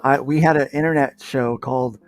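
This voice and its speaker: A man's voice: mid-range voice, fairly quick, no room sound, soft background music. Rambling man hosting a podcast panel. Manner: rambling, restarts often, animated when telling stories. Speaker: podcast host. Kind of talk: casual panel chat, storytelling.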